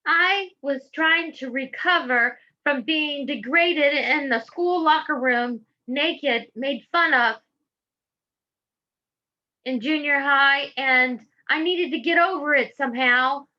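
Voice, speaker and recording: A woman's voice: high voice, slow pace, sharp tone, highs cut off. A middle-aged woman from Georgia with a Southern accent, giving impassioned public testimony in a fervent, preacherly way. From Georgia, USA. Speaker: public speaker.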